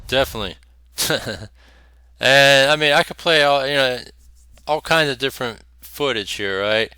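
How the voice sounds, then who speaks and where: A man's voice: mid-range voice, normal speed, sharp tone, smooth, no room sound. A man hosting a commentary show, talking bluntly and profanely with scornful laughs between points. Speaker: host. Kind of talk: opinionated commentary over clips.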